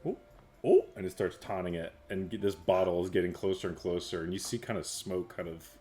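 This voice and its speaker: Deep-voiced man running a tabletop game. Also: a little fast, mellow. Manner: rambling, filler-heavy storytelling. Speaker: game master.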